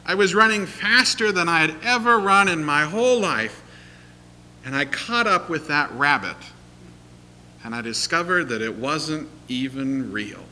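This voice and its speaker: A man's voice: a little high, animated, a little slow, sharp tone, a little hiss or hum, heavily acted. A man voicing an old retired male racing greyhound, who speaks courteously and reflectively in a storytelling sermon. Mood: wistful.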